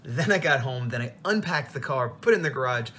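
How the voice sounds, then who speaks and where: A tired man, a comic artist, telling a rambling, animated story in a casual vlog. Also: medium pitch, brisk, a little hiss or hum. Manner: rambling, animated retelling with quoted voices.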